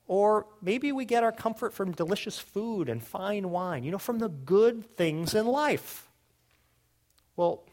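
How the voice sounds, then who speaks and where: A male pastor preaching a sermon, asking the congregation questions and dropping to a hushed voice when quoting Jesus. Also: fairly high pitch. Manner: animated, questioning, drops to a hushed voice for quoted words of Jesus.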